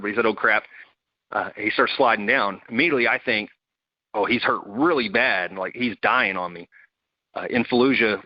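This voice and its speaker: A man's voice: on the low side, dry recording. A man, a Marine veteran, telling a story casually and acting out the quoted voices of his buddies. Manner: animated, acts out quoted voices. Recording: dull, dry close recording.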